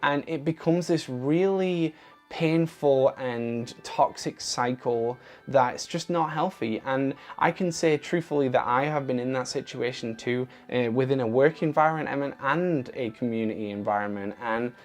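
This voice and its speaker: Earnest male vlogger, open and emotional, soft music bed underneath. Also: mid-range voice, measured pace. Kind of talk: casual talk to camera.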